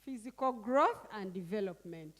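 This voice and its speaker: A woman's voice: medium pitch, expressive, normal speed. A woman leading a teaching workshop, often questioning her audience and repeating key words back to them. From Uganda. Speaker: workshop facilitator. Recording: echoey hall.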